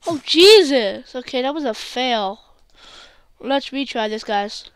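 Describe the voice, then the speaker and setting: A woman's voice: a little high, a little slow, smooth, no echo. A woman doing jokey gameplay commentary, often bursting into screams and exclamations. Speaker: gaming channel host.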